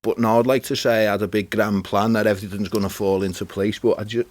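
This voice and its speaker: Laid-back Scouse man, low voice. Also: steady tone, fast, a little mellow, no echo. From Liverpool, England. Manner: laid-back, swears casually, trails off. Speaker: podcast guest, spoken word performer. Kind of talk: casual chat. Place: recording studio.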